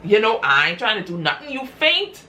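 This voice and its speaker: A woman's voice: mid-range voice, big pitch swings, normal speed, pushed and bright, a little hiss or hum, pitched above the performer's own voice. A woman voicing a cheating husband in a spoken story, brushing things off and urgent. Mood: dismissive. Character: cheating husband, adult man, dismissive.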